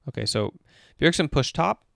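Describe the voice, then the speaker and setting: A man who works as an esports performance coach gives casual, animated commentary as he breaks down a game replay step by step. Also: a little high, moderate pace, creaky, no room sound, clean studio sound.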